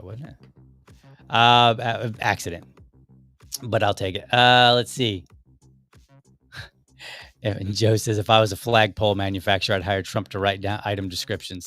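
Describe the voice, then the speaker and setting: A man hosting a political podcast in a casual, opinionated way, rambling with frequent restarts, his voice a bit deeper than usual as he is under the weather. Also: fairly bright tone, no echo. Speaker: podcast host.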